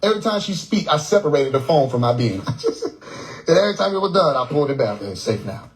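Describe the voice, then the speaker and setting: A man's voice: fairly high pitch, sing-song, fast talker, low-quality recording. Profane joking man on a livestream. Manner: profane, joking, repeats words to mimic tones. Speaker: livestream host. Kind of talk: casual livestream talk. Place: indoors, phone livestream. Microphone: phone.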